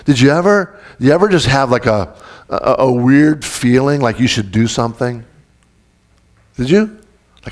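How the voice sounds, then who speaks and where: A male pastor delivers his sermon like a conversation. His voice sits at an ordinary pitch. He keeps stopping to restart his thoughts and tosses questions out to the congregation. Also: sing-song, moderate pace. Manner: informal and searching, with frequent restarts and questions to the congregation.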